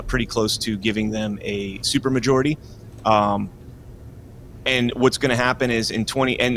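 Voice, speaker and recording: Male guest commentator, low voice, steady explainer, faint background noise. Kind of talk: casual political livestream talk.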